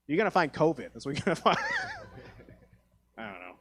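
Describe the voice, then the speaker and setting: A man's voice: on the high side, wildly swooping pitch, normal speed, long pauses, fairly bright tone, husky. A man in his thirties from Taiwan, performing a stand-up comedy set on a theatre stage, profane and self-deprecating, acting out quoted dialogue. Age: 30s.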